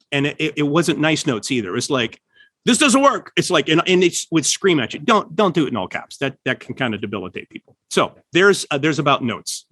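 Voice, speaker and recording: Man, podcast host, husky, animated delivery, dry close mic. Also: no echo. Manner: animated, acts out quoted lines with pitch jumps. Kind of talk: casual podcast chat giving writing advice.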